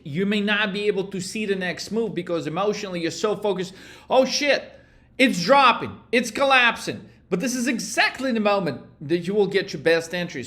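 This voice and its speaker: A brash, foul-mouthed man coaches traders through a chart lesson with a high-pitched voice. He talks in heated bursts and mocks anyone too scared to buy. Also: a bit bright. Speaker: trading coach. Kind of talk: profane motivational trading lesson.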